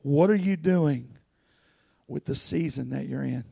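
A man's voice: a little high, measured pace, vocal fry, dark tone, breathy edge, no echo, studio quality. A man preaching a sermon as pastor, telling personal stories earnestly and rising into fervent pleading.

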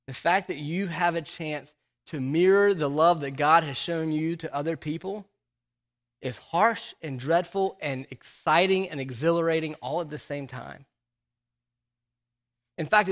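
A man delivers a sermon, his voice sitting a little higher than most men's. He reads scripture and quoted passages aloud and presses hard on his key points. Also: a bit bright. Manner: reads scripture and quotations aloud, rising in emphasis. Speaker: pastor.

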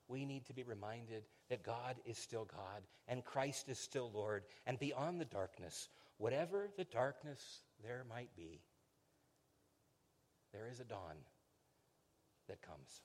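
A middle-aged man preaching a sermon in a conversational storytelling way, often repeating words as he starts a phrase and sinking low and quiet on solemn lines. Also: animated, takes it slowly. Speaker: pastor.

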